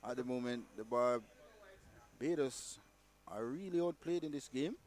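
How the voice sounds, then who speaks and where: Male cricket co-commentator, calm and steady, mid-pitched voice. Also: unhurried. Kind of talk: live sports commentary.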